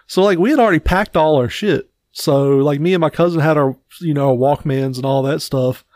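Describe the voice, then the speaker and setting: Casual man with a slightly high voice. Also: a little fast, a little mellow, no echo. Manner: loose, filler-heavy storyteller. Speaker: podcast co-host. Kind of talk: casual storytelling chat.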